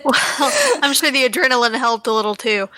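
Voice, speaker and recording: A young woman co-hosting a casual podcast chat about a horror movie, matter-of-fact, with dry quips and quick laughs. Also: on the high side, bright, forceful tone. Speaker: podcast co-host.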